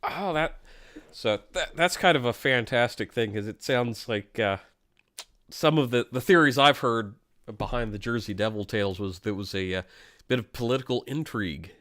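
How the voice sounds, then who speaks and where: Man, host, casual chat, bright forceful voice, curious enthusiastic questions. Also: mid-range voice, moderate pace.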